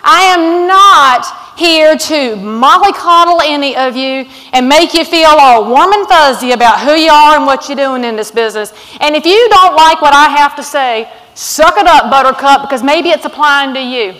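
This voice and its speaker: A woman's voice: high voice, animated, normal speed, hardly any pauses, fairly bright tone. A blunt, outspoken woman with a Southern accent giving a fiery keynote at a conference. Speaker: conference speaker. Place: large conference hall. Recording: long hall reverb from stage.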